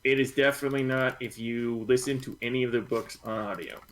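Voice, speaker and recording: A man co-hosting a casual book club podcast, speaking in a measured, slightly hesitant and thoughtful way. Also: mid-range voice, steady tone, rough recording. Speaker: podcast co-host.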